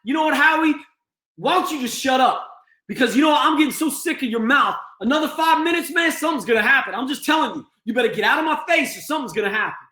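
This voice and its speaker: A man's voice: extremely high pitch, animated, fast, pushed and bright, reverberant, voice pushed up, heavily acted. A man acting out an agitated, confrontational person in crisis who makes threats with a raised voice. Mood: hostile, agitated.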